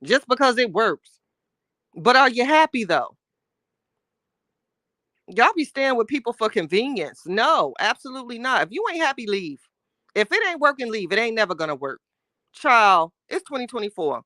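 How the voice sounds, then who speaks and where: A woman hosts a casual livestream, reading the chat aloud and talking with sass, animated energy and frequent laughter, using Southern Black American slang. Her voice is a little high and a little fast, recorded with clean studio sound and no room echo.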